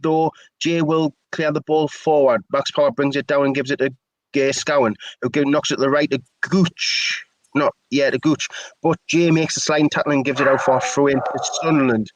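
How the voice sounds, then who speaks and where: A man's voice: fairly high pitch, steady tone, brisk, no echo, rough recording. A man giving chatty, opinionated live play-by-play commentary for a fan stream. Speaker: match commentator.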